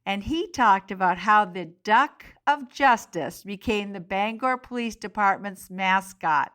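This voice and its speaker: A woman's voice: medium pitch, measured pace, fairly bright tone. A woman podcast host reading scripted introductions and stepping in with clarifying questions. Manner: clarifying, jumps in to check details.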